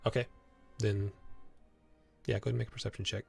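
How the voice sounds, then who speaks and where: A man's voice: fairly low pitch, level tone, quick pace, vocal fry, loud music behind the voice. A man running a tabletop game as game master, narrating loosely with fillers and frequent laughs.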